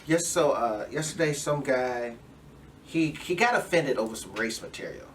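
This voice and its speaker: A man's voice: medium pitch, lively intonation, moderate pace, a bit bright. A man, a stand-up comedian, telling rambling work anecdotes in a casual podcast chat and acting out quotes along the way. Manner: laid-back, rambling anecdotes with acted-out quotes. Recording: distant mic with faint room noise.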